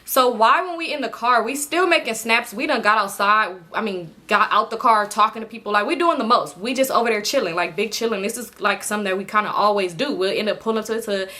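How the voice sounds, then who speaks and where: Fast-talking bright-voiced young woman storyteller. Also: mid-range voice. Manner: slangy, chatty, addresses viewers as y'all. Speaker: storytime vlogger. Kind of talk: casual storytelling to camera.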